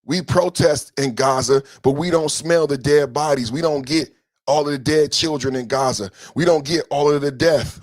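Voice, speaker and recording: A man's voice: moderate pace, dry recording. Impassioned man, dry close sound. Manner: impassioned, repetitive, shifts between low brooding and loud outbursts. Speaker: podcast host. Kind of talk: political commentary monologue.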